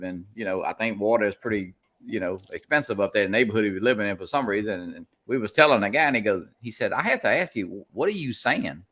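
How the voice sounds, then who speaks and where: A middle-aged man with a Louisiana accent, hosting a casual chat and talking in halting, rambling runs. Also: lowish voice, fairly bright tone. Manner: rambling, halting with many restarts. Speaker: host.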